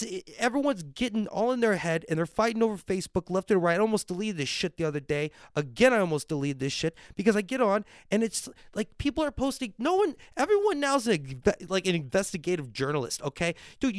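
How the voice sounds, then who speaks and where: A man's voice: sits high, dry recording, clean studio sound. A man hosting a podcast on a livestream, ranting and swearing constantly while he drinks and reacts to viewers. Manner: drinks on air and reads viewer comments. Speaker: podcast host. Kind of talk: profane livestream rant. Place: at home.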